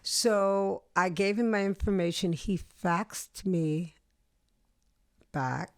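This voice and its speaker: A middle-aged woman musician, a guest in an interview, telling animated stories from her career and acting out the people in them. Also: mid-range voice, takes it slowly, clean tone, no room sound, studio quality. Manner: animated storyteller, acts out voices. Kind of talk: storytelling interview chat.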